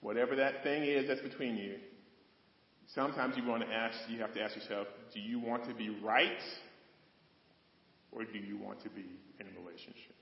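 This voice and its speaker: A man's voice: on the low side, fairly even intonation, moderate pace, vocal fry, roomy sound, long reverb tail, muffled recording. A man giving a folksy sermon, joking with his congregation as he talks. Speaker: preacher.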